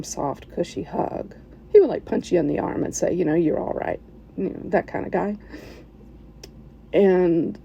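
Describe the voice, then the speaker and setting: A woman telling a personal story as a podcast listener, in an emotional, halting way with soft laughs. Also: lowish voice, vocal fry, slightly rough, rough recording.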